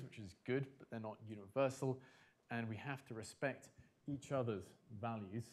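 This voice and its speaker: A man giving a conference talk, animated and emphatic, repeating his key phrases for effect. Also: mid-range voice. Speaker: conference speaker.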